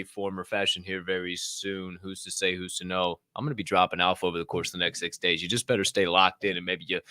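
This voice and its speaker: A man hosting a casual livestream, excitedly and profanely greeting people in the chat by name. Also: deep voice, smooth, no echo, studio quality. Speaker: livestream show host.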